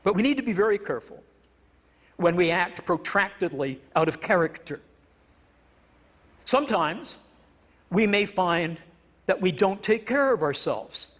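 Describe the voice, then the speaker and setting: A man's voice: high-pitched, fairly bright tone. A man from Canada, a professor, giving a humorous stage talk in a wry, self-deprecating way with playful word choice. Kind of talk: humorous public lecture.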